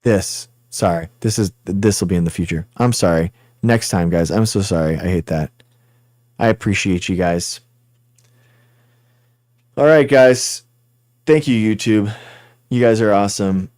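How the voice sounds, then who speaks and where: Low-voiced man thanking stream supporters. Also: moderate pace, a little mellow, no room sound, clean studio sound. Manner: rambling, apologetic, thanking supporters. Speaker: host. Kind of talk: casual livestream sign-off.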